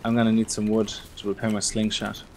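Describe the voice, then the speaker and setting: A man hosting a let's play, chatting casually and explaining game mechanics in a relaxed way. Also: lowish voice, quick pace, slight background noise. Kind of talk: casual gameplay chat.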